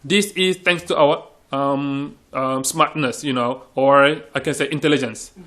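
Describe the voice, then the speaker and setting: A man's voice: medium pitch, steady tone, a little slow, a bit bright. A man from Senegal, an English teacher talking earnestly in a panel discussion and often repeating words as he searches for phrasing.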